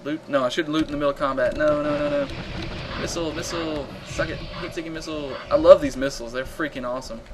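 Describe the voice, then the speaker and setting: A man hosting a live game stream, chatting casually and reacting loudly to the action while reading viewer comments aloud. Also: fairly high pitch, steady tone, fast talker, few pauses, background noise.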